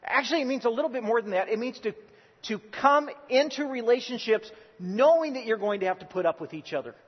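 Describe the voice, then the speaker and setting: A man's voice: extremely high pitch, lively intonation, fast talker, slightly rough. A male pastor preaching a sermon in a church, earnest and emphatic, often restarting his words. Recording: dull lo-fi recording with long hall reverb.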